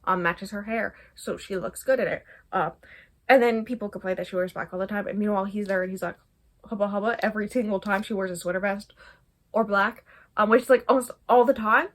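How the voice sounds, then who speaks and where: A woman's voice: mid-range voice, steady tone, fast talker. Chatty young woman reviewing books. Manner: rambling, chatty, many fillers, laughs often. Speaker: book vlogger. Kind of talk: casual book review vlog.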